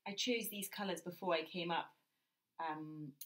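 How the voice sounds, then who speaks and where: Woman, British accent, low voice, art teacher, gentle, thinks aloud mid-drawing. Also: steady tone, unhurried. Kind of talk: drawing lesson while working.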